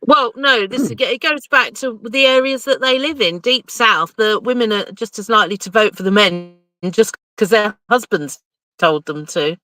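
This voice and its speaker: A woman co-hosts a radio show in a dry studio, earnestly arguing her side. Her voice is high and bright and moves through a wide range. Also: moderate pace, no echo, rough recording. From London. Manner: earnest, argumentative. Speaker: radio co-host. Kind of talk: casual on-air banter.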